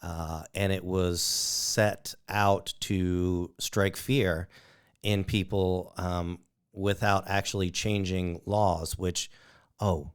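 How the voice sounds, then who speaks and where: A man co-hosting a podcast, earnestly urging listeners in a casual, halting way with many fillers. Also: sits low, flat delivery, clear, resonant tone. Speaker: podcast co-host. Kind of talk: casual chat.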